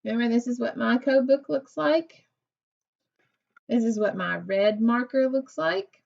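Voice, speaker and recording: A woman teaching a recorded reading lesson to young children, speaking slowly and patiently, praising and asking questions of pupils who aren't there. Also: a little high, creaky, darkish tone, muffled recording. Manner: slow, patient, encouraging, asks questions to unseen pupils.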